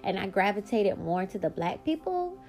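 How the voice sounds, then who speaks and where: Gravelly-voiced woman podcaster, blunt and profane. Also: mid-range voice, big pitch swings, normal speed, a little mellow, soft background music. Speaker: podcast host. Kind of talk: candid personal storytelling.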